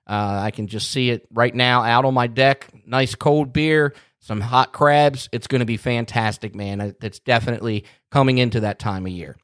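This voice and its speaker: A man's voice: medium pitch, fairly even intonation, moderate pace, hardly any pauses, a bit bright, clean tone, no echo, clean studio sound. Teasing, easygoing male podcast host. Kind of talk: casual chat.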